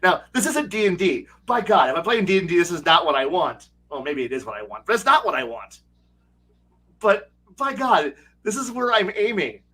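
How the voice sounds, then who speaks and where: A man telling game master stories in casual livestream chat, excitable and rambling, with frequent swearing. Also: high voice, moderate pace, slightly rough. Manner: excitable, rambling, profane storytelling. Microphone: streaming setup mic.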